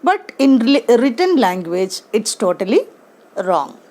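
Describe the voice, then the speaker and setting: A woman's voice: fairly high pitch, very animated, warm tone. A woman teaching grammar to her class, speaking, stressing words and asking the class questions. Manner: slow, emphatic, asks the class questions. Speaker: English teacher.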